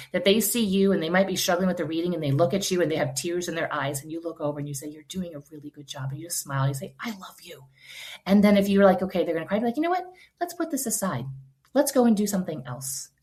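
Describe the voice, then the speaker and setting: A woman in her forties, hosting a homeschool podcast and giving casual advice in an earnest, reassuring, conversational way. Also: on the low side.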